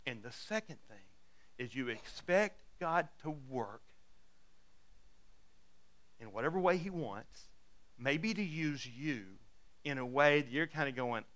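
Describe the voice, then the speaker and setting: A man's voice: animated, slow pace, pauses often, a bit bright. A man preaching a sermon, retelling a Bible story in casual words and acting out the characters' lines. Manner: lowers his voice for the closing appeal. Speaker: pastor.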